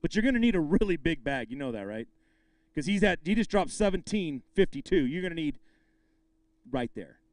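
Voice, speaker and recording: High-voiced man emceeing a fishing weigh-in. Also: big pitch swings, a little fast, no echo. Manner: hypes and banters with anglers, shouts the weights. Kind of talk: live weigh-in announcing.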